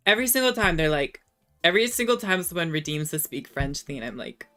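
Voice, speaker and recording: A young adult woman streamer chatting casually with viewers, self-deprecating and halting when she tries French. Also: lowish voice, animated, sharp tone, faint music behind. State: slightly under the weather.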